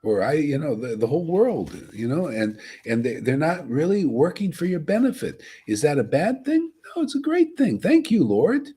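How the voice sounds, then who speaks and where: A man's voice: a little high, very animated, normal speed, few pauses, mellow, slightly rough. A man giving a rambling, casual devotional talk as a spiritual teacher.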